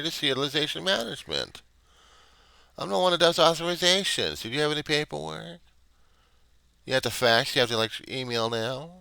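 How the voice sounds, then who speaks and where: A dismissive, bored insurance authorization clerk, put on by a man brushes off a caller with sarcastic put-downs. The voice is gravelly and lively in pitch, with a bright, sharp edge, recorded close and dry. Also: no room sound, exaggerated voice.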